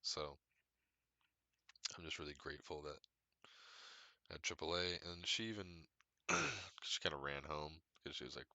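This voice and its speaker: Podcast host, male, rambling and profane, very deep, dry close sound. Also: moderate pace, gravelly, pauses often, pushed and bright, no echo. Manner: profane, rambling, laughs often. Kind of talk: casual storytelling monologue.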